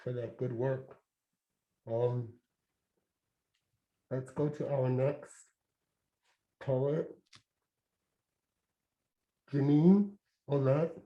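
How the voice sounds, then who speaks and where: A man acting as the MC of a reading series, introducing the next reader slowly with fillers. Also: mid-range voice, reverberant, highs cut off. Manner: very slow and drawn out, with fillers. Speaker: guest MC.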